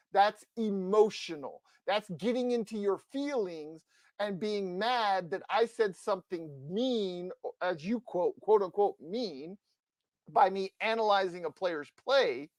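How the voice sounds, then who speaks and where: A man's voice: sits high, dry recording. A man co-hosting a sports podcast, ranting with passion and emphatic, combative insistence into a close mic. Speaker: podcast co-host. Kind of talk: fired-up sports rant.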